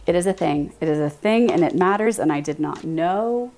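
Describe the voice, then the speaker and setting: A young American woman chatting casually with her viewers on a live stream, animated and quick to laugh. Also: on the low side, slight background noise.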